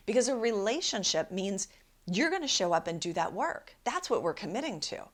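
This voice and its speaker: A woman life coach hosting a podcast, telling a personal story and giving relationship advice in an emphatic, conversational way, often asking "right?". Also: medium pitch. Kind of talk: solo podcast talk.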